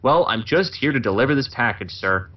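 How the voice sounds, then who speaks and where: A man voicing a bored male delivery man who speaks flatly with zero enthusiasm, on a muffled lo-fi recording. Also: medium pitch, brisk, pitched below the performer's own voice, close to an everyday voice. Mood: deadpan.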